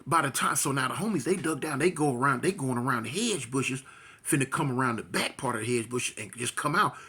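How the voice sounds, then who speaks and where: A man telling a tense street story casually, animated and slangy, acting out the sounds himself. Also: medium pitch, brisk, husky.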